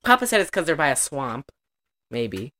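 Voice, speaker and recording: Chatty woman w a low voice, swears a lot, laughs while recapping a movie. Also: sing-song, normal speed, fairly bright tone. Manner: chatty, profane, laughs often. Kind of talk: casual chat recapping a movie.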